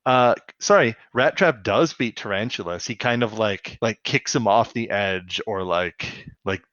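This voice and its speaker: A man's voice: lowish voice, a little slow, fairly bright tone, no room sound, highs cut off. A man co-hosting a podcast in casual chat, retelling things in a rambling way full of fillers and restarts. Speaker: podcast co-host. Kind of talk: casual chat recapping a cartoon episode.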